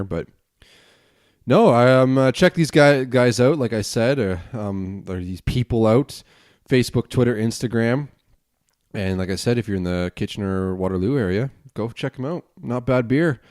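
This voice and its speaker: A man with a fairly low, smooth voice hosts a casual podcast from his desk at home. He rambles and chats loosely, dropping the odd swear word. The sound is close and dry, with no room echo. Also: lively intonation, moderate pace, darkish tone. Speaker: podcast host. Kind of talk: casual solo podcast, beer review.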